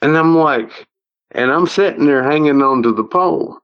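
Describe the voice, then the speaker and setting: A man's voice: on the high side, normal speed, clear, resonant tone. A man with an Ozark Southern accent telling a personal story in a rambling, folksy way, repeating himself as he goes, heard over a phone call. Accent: Ozark Southern American. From Ozark Mountains, United States. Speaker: guest telling a personal encounter. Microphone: phone call audio.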